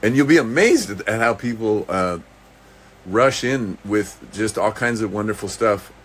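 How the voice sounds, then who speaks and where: A man with a low, bright, forceful voice speaks off the cuff in a casual video message. He stops and restarts often, circles his points, and turns to dry, darkly comic asides. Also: animated, breathy edge. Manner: halting and rambling, many restarts. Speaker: actor recording a personal video message.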